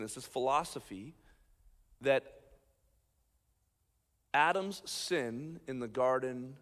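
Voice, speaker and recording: A man, a pastor, preaching a sermon with animated emphasis, swinging between loud points and quiet asides. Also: mid-range voice. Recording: long hall reverb.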